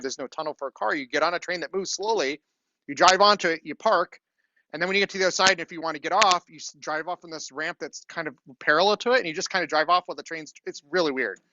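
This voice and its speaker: Chatty man lecturing, bright voice. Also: on the high side, highs cut off. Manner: chatty storytelling, frequent "okay?" check-ins. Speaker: university lecturer. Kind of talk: classroom lecture with anecdote. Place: classroom.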